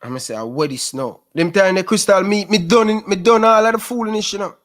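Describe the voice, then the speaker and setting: A man in his twenties with a Jamaican Patois accent, a guest telling lively stories in a casual interview. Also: high voice, fast. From Rema, Jamaica. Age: 20s. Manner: lively storyteller who keeps calling the host "sis".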